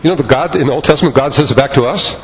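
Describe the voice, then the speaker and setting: A man's voice: mid-range voice, rapid-fire, long reverb tail, slight background noise, rough recording. A man preaching a sermon as pastor, impassioned and repetitive in his cadence.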